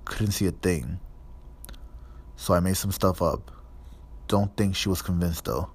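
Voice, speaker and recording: Guy reading as a blunt teen wizard boy, offhand and scornful, deep and slow.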